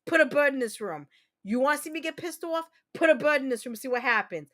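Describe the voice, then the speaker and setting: A woman from New Jersey hosting a casual livestream chat, talking in a rambling, profane way and quick to launch into rants. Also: sits high, expressive, a bit bright. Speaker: livestream host.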